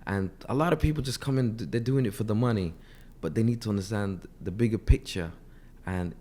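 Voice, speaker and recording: A man who has lost his voice speaks hoarsely as an interview guest, earnest and often repeating words as he starts a sentence. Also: fairly low pitch, fairly quick, warm tone. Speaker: artist manager, guest. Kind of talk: casual interview talk.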